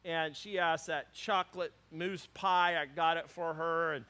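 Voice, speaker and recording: A pastor delivers an unhurried sermon to his congregation in a high voice with a bright, forceful edge. He alternates between teaching and animated, funny storytelling.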